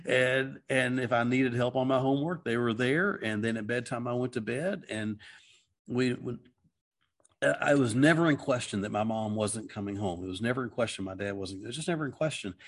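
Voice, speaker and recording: A man's voice: medium pitch, fairly quick. A middle-aged man talking through a Bible passage in casual discussion, earnest and rambling, with many restarts and "okay"s. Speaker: Christian teacher.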